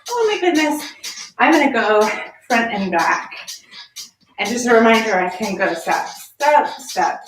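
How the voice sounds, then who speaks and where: A woman's voice: mid-range voice, fairly bright tone, far from the mic, a little hiss or hum. A woman fitness instructor leading a home workout, upbeat and encouraging, counting reps while slightly out of breath. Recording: echoey room, voice from off-mic. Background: background music.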